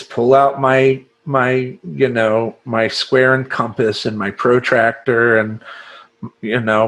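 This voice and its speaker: A man's voice: medium pitch, fairly bright tone. A man speaking as a life coach in a casual monologue to camera, rambling and profane, laughing often and slipping into mock voices.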